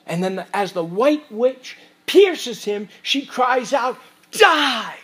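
A man preaching an expository sermon as pastor, reading scripture aloud and swinging between loud emphasis and quiet asides. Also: high-pitched, animated, takes it slowly, husky.

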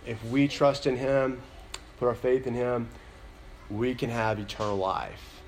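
A man's voice: mid-range voice, a little hiss or hum. A man giving a sermon in a conversational style, full of fillers and restarts, now and then building to an emphatic point. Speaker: pastor.

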